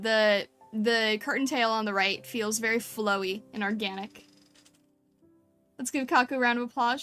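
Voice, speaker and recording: A woman's voice: fairly high pitch, fairly bright tone. A woman streamer chatting casually and gushing over fan art, full of fillers and little laughs. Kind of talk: casual live-stream chat.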